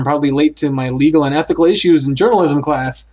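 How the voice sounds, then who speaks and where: A man's voice: fairly high pitch, fast, a little mellow. A man reading a horror visual novel aloud in the first person, acting it out and blurting out startled reactions. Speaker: let's play host.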